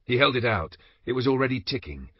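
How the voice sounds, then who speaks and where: A man narrating an audiobook in a steady, measured reading. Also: mid-range voice, slightly rough, no room sound. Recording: dry, slightly dull recording.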